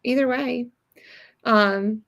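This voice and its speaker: A woman's voice: on the high side, very slow, vocal fry, a bit bright. A woman co-hosting a casual sewing livestream, chatty and encouraging, reading viewer comments aloud. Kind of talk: casual chat.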